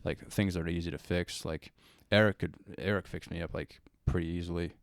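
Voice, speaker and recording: A young man hosts a podcast, rambling through a story in loose, casual chat packed with "likes" and "mans." His deep voice moves a little fast with fairly even intonation, and the studio recording is clean with no room sound.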